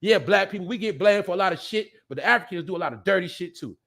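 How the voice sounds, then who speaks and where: A man's voice: high-pitched, animated, quick pace, creaky, a bit bright. A man hosting a live show, ranting bluntly and profanely in a rambling way, often laughing. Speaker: podcast host. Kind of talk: casual live-stream rant.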